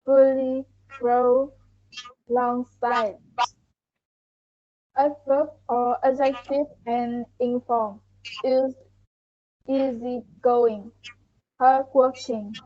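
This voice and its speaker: A woman student reading a class presentation on word stress, going through word lists slowly and flatly. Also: a little high. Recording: dull lo-fi recording.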